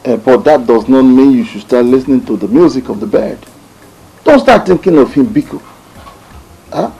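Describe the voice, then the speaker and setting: A man plays a father gently advising his daughter. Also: mid-range voice, lively intonation, normal speed, slightly rough, lo-fi sound. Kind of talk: film drama acting.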